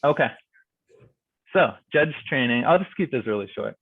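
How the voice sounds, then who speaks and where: A man's voice: medium pitch, animated, normal speed, creaky, dry recording. A young man casually explaining how to judge speech events to a club meeting, filling his talk with "like" and "kinda". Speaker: guest speaker on speech and debate judging. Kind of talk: informal presentation at a virtual club meeting. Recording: thin phone-like video call audio.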